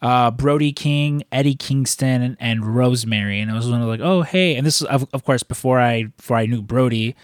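A man's voice: mid-range voice, fairly even intonation, a little fast, hardly any pauses, no room sound, studio quality. A man from Chicago with a Chicago accent, chatting casually on a podcast, rambling through stories with lots of swearing and restarts.

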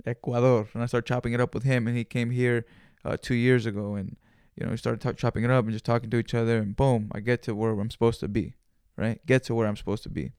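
A man hosting a solo podcast, telling a story in an animated, profane, slangy way with Spanish words mixed in. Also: mid-range voice, quick pace, smooth, dry recording, clean studio sound. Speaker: podcast host. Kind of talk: casual storytelling monologue.

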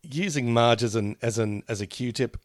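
A man's voice: mid-range voice, normal speed, no echo, studio quality. A man co-hosting a podcast, chatting casually, laughing often and telling rambling anecdotes. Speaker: podcast co-host. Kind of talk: casual chat.

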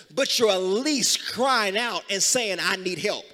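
A man a sermon as pastor, moving from talk into sung and shouted hymn lines. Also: sits high, expressive, unhurried, few pauses. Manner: preaching that builds into singing and shouting hymns. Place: church sanctuary. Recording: reverberant church with music.

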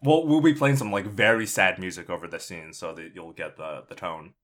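A man casually narrating a comic movie pitch, rambling with lots of fillers. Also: fairly quick, a bit bright. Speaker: podcast co-host pitching a movie. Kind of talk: casual comedic storytelling.

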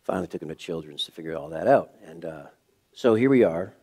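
Middle-aged guy pastor, sermon story, goes quiet then loud and emphatic. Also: low voice, animated, quick pace, breathy edge. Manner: personal storytelling, swings from hushed to raised and emphatic. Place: church.

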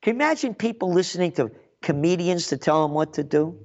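A man's voice: fairly high pitch, lively intonation, fast, highs cut off. Sarcastic New man ranting. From New York. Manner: sarcastic, mocking, swings between loud jabs and muttered asides. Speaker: commentary show host. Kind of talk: ranting commentary monologue.

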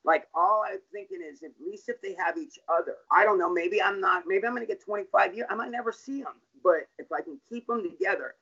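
This middle-aged man's voice is high-pitched, gravelly, and husky, with a sharp tone and a brisk delivery that leaves few pauses. Interviewed about his life, he tells his story candidly in profane, blunt street language, captured on a dull lo-fi recording.

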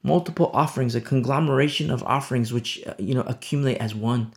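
A male pastor with a gravelly, creaky voice at a mid pitch. He preaches in a loose, conversational way and drives his points home by repeating them. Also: quick pace. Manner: conversational, repetitive emphasis. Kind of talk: sermon.

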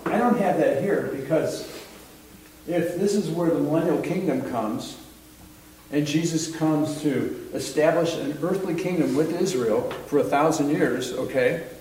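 A man teaching a Bible study in a relaxed, chatty way, often checking in with his listeners. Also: on the high side, a little slow, a little hiss or hum. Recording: roomy sound from some distance off the mic.

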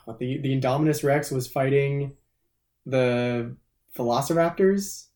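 Laid-back male co-host, relaxed warm voice, recorded in an echoey room. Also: medium pitch, measured pace. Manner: laid-back, chuckling, swears casually. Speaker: podcast co-host. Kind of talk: casual chat.

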